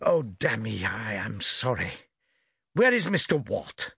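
A man's voice: lowish voice, very animated, slow, gravelly, pushed and bright, slightly rough, no echo, studio quality, voice pushed down, full character voice. A man voicing a hearty, blustering older naval admiral who talks in exclamations. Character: bluff hearty older male port admiral.

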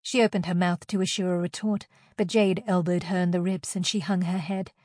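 A woman reading a fantasy novel aloud as an audiobook narrator, in a steady, expressive reading. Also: lowish voice, a little fast, no echo, clean studio sound.

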